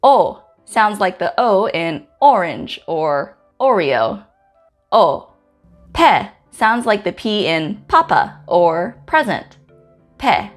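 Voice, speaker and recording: A woman from Guam hosting a pronunciation lesson, saying each letter slowly and carefully with example words. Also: medium pitch, big pitch swings. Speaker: host teaching the Chamorro alphabet. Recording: faint music in the background.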